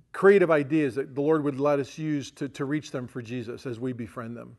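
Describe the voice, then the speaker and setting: A middle-aged man, a pastor, telling stories in a folksy, chatty sermon with frequent asides to the congregation. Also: a little high. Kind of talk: sermon storytelling.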